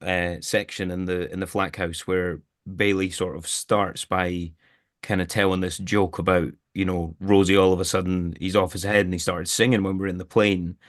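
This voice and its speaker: Low-voiced man, chatty and rambling. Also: flat delivery, normal speed, no room sound, clean studio sound. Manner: chatty, rambling, many restarts and fillers. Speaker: actor guest. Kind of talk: casual interview chat.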